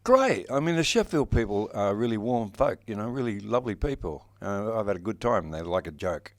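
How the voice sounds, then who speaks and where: Aussie guy in his 60s, cheeky swearing banter, deep-ish voice, no room echo. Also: big pitch swings, brisk. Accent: Australian. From Australia. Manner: blunt, swearing, joking banter. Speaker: actor, interview guest. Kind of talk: casual interview chat. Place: horror convention.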